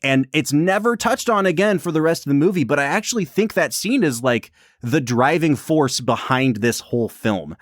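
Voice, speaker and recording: Animated man co-hosting film podcast. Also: a little high, normal speed, no room sound, clean studio sound. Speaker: podcast co-host. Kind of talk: casual film discussion.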